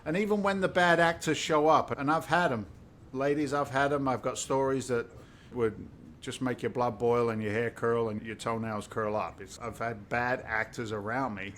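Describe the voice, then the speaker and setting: A man's voice: mid-range voice, steady tone, moderate pace, a bit bright, slight background noise. Emphatic middle-aged man telling his story. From United Kingdom. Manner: emphatic, emotional, preacherly storyteller. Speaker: guest, real estate investor. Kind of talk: podcast interview storytelling.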